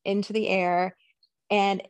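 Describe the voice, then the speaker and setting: A woman's voice: medium pitch, slow, smooth, dry recording. Chatty woman recapping a movie. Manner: animated retelling with quoted voices. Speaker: podcast co-host. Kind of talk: casual movie recap chat.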